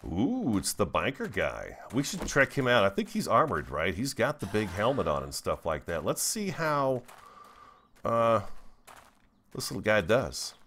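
A man narrates his gameplay in a chatty, easygoing way, speaking straight to his audience. His voice sits low. A faint hiss of noise runs under the recording. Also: huge pitch swings, measured pace, fairly bright tone. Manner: chatty, talks to viewers while playing. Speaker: gaming video host. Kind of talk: let's play commentary.

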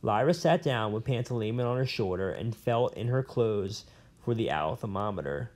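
A man's voice: on the low side, animated, moderate pace, darkish tone. Man reading a novel aloud. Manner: plain reading with slips and an aside. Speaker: reader.

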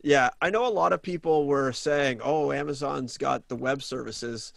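A man's voice: medium pitch, moderate pace, vocal fry, no room sound. A man co-hosting a podcast, musing and hesitant as he chats. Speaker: podcast co-host. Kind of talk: casual chat.

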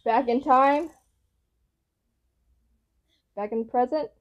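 A woman hosting a reaction video, talking casually with excited gushing outbursts and rambling, apologetic asides. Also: sits high, takes it slowly, lo-fi sound.

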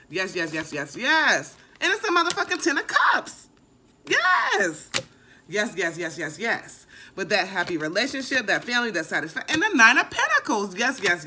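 A woman's voice: mid-range voice, pushed and bright, slight background noise. A young woman giving a casual tarot reading, emphatic and swearing freely, often repeating herself. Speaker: tarot reader.

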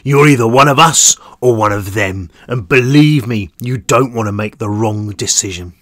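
A man's voice: medium pitch, moderate pace, a bit bright, no echo, natural voice. A man voicing a giant, menacing male guard in a black suit who growls his threats, in a dry, close recording.

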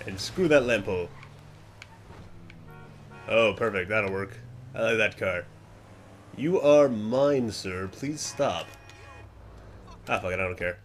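A young man giving casual gameplay commentary, swearing often and muttering to himself, then yelling at other players. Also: on the low side, slight background noise.

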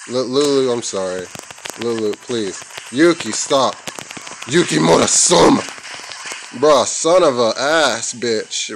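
The clip is casual gameplay commentary from a young man at home on a headset mic. He trash-talks playfully, curses, and yelps without warning. His voice is mid-range, and the poor audio has slight background noise.

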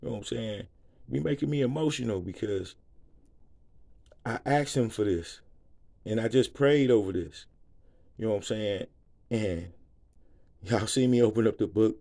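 A man's voice: fairly low pitch, moderate pace, gravelly, long pauses, warm tone. A man reading scripture and praying in a casual, emotional way, often asking "you know what I'm saying". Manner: emotional, worked up. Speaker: preacher. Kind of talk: casual bible reading and prayer.

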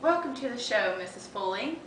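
A woman's voice: fairly high pitch, animated, a little fast, background noise, natural voice. A woman playing an earnest, mock-serious talk-show host, recorded at a distance in an echoey room. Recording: roomy, distant student video.

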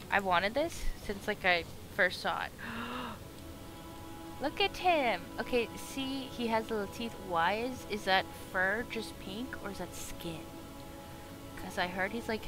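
A woman streaming a video game live. She comments excitedly, swears a lot and talks back to the characters on screen. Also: medium pitch, rough recording. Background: game music.

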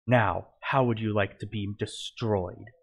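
A man voicing a vengeful male villain who rules spirits, speaking in a low growl. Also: steady tone, slow pace, creaky, breathy edge, exaggerated voice. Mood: menacing. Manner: growling, menacing.

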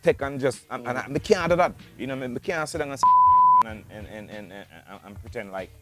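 Fast-talking Jamaican man, casual. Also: medium pitch, huge pitch swings, sharp tone. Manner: fast, loose talk with many restarts. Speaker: guest music artist. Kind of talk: casual interview chat.

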